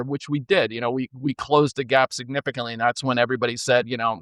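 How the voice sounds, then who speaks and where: A man in a podcast interview, telling stories in an energetic, blunt way and swearing freely. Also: medium pitch, fast talker, few pauses, no room sound. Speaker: podcast guest, former co-CEO. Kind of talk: casual storytelling.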